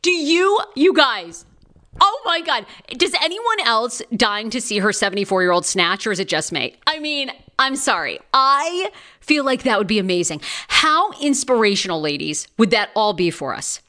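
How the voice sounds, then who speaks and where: A woman's voice: fairly high pitch, animated, moderate pace, sharp tone. A woman hosting a live celebrity gossip podcast, chatty and gossipy. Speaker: podcast host.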